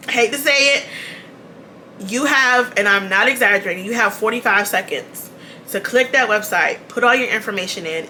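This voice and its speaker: A woman with a medium-pitched, bright voice and a forceful tone hosts her own beauty channel, chatting casually to the camera. She repeats her main points and laughs a lot, and there's a slight hiss or hum in the recording.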